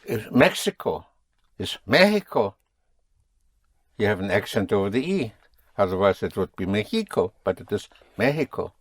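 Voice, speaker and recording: A man's voice: lowish voice, lively intonation, a little fast, no room sound. Man teaching a language lesson. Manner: patient, drilling students with questions.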